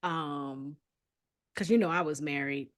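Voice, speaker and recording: A woman's voice: low voice, slow. Chatty woman hosting. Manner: warm, chatty, laughs often. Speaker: interview host. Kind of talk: casual interview conversation.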